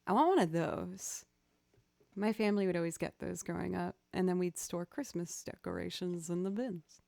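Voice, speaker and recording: A woman's voice: fairly low pitch, moderate pace, creaky, a little mellow, no room sound. A woman musician chatting casually with her stream viewers, rambling and drifting off into tangents.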